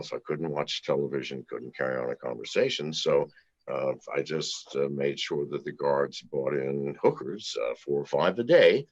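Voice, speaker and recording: A man's voice: rumbling low, dull audio. A man telling rambling, profane anecdotes with chuckles, as a guest in a casual interview. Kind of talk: storytelling in casual conversation.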